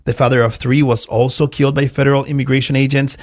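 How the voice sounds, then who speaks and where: A man reporting as a radio news correspondent, giving a steady, informative account. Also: medium pitch, fast talker.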